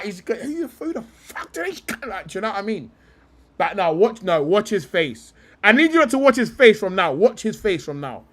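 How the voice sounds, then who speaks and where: A young man hosting a casual live stream, reacting to clips in excited, laughing bursts and swearing freely. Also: sits high.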